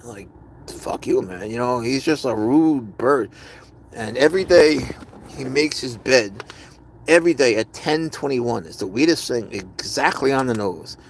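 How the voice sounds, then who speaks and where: A man's voice: mid-range voice, expressive, unhurried, a little hiss or hum. A man hosting a live stream, chatting casually and rambling as he answers viewers' comments. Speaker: livestream host.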